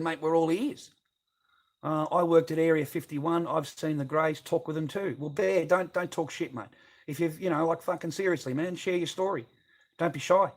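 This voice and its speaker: An Australian-accented man with a fairly high-pitched voice hosts a casual livestream, reading viewer comments and talking to his audience. He rambles, swears heavily and uses filler words constantly.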